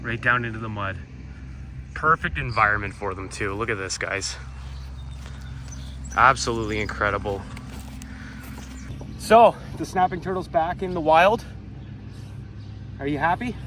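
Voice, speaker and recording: A man's voice: mid-range voice, expressive, a little slow, pauses often, bright, forceful tone, a little hiss or hum. A man vlogging outdoors by a pond, chatty and upbeat, talking to viewers as "guys". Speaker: vlogger, animal keeper. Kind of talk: casual outdoor vlog to camera.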